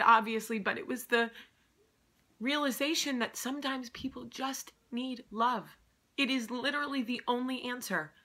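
A woman's voice: a little high, bright, forceful tone. A woman, hosting a casual, heartfelt video monologue in an earnest, emotional way. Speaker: vlog host.

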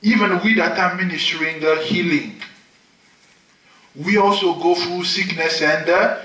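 A male pastor preaching at a healing crusade, swinging between loud, high exclamations and soft, low murmurs. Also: fairly even intonation, a little slow. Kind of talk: sermon. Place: large hall at a healing crusade. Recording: echoey hall, mic at a distance.

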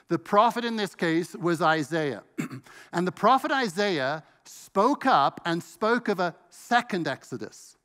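High-voiced man preaching a sermon. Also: fairly bright tone, clean tone, in a large hall. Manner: emphatic preaching, slows down and rises on key words. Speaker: pastor. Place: church sanctuary.

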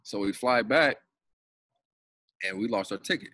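A man's voice: on the low side, a little slow, sharp tone. A man, a pro basketball player, telling loose, slangy stories as a podcast guest, swearing freely and repeating himself. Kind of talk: casual storytelling.

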